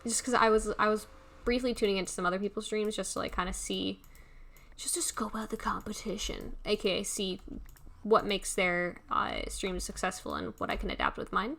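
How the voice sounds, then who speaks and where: A woman's voice: medium pitch, lively intonation, fairly quick, gravelly, a bit bright. A woman livestreaming a game, chatting in a rambling, casual way and laughing often. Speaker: livestreamer playing a block-building game. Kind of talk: casual live-stream chatter while playing.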